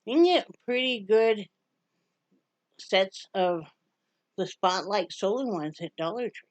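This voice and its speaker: A woman's voice: medium pitch, animated, slow, no room sound. Chatty woman vlogging in a dry room. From Wyoming. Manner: chatty, baby-talks to her dog. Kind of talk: casual chat to camera.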